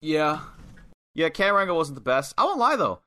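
A man's voice: a little high, very animated, brisk, bright, forceful tone. A young man co-hosting a podcast, recapping a wrestling match play by play in casual chat and swearing freely. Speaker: podcast co-host.

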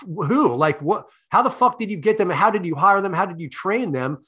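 A man hosting a comedy podcast, asking leading questions in a deadpan, profane way. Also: sits high, moderate pace, breathy edge. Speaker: podcast host. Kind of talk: comic interview.

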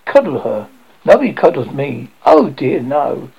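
A man's voice: medium pitch, sing-song, measured pace, gravelly, dark tone, breathy edge, highs cut off, exaggerated voice. A man voicing a pompous, proud father who blusters and sulks in a storybook reading. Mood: blustering. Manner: blustering, huffy.

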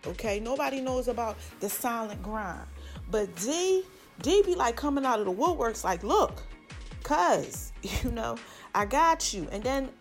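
A woman, hosting a podcast and giving casual, affectionate shout-outs in a chatty, slangy way. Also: on the high side. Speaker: podcast host.

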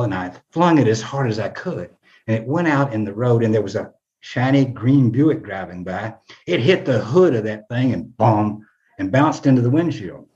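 An older man tells a personal story in a plain, mid-pitched voice. He often stumbles and repeats his words. The recording sounds a little dull and muffled. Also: a little mellow. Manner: halting, repeats words when moved.

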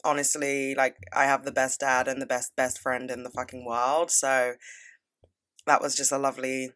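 A woman in her twenties, with a voice still lowered from a recent cold, chatting casually and gushing as she swears freely. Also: flat delivery, moderate pace, a bit bright. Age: 20s. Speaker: podcast host. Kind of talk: casual advice and life-update chat.

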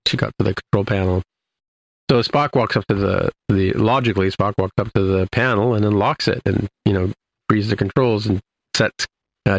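A man's voice: lowish voice, creaky, rough recording. A man in casual conversation, loosely and ramblingly retelling scenes from an episode as a podcast co-host. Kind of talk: casual episode recap chat.

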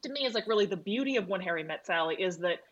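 A woman's voice: medium pitch, animated, very fast. Chatty swearing woman on muffled audio. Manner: chatty, swearing, laughs often. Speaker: podcast co-host. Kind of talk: casual film discussion.

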